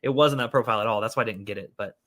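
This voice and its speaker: Male livestream host, casual and animated, bright forward tone, quick to exclaim and scold himself. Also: fairly low pitch.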